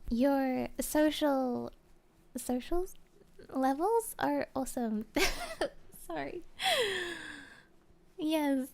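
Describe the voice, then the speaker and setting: A woman streamer chatting casually and answering viewer comments, rambling and halting with many fillers. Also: high voice. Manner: soft and gentle, with small laughs.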